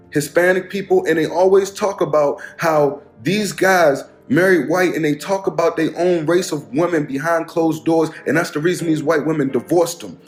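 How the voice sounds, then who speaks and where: Heated man ranting in an echoey room. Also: fairly high pitch. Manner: heated, emphatic, repetitive. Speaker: social media commentator. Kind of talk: ranting commentary video.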